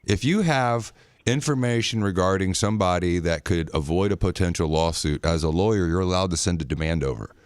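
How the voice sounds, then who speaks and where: Male co-host, deep voice, measured explainer, dry close mic. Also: clean tone, no room sound. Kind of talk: casual radio banter.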